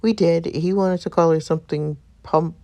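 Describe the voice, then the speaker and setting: A woman voicing a tender young new mother, reading the game's dialogue aloud in a soft, gentle way with a gravelly edge. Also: on the low side, fairly even intonation, moderate pace, no echo, lightly acted.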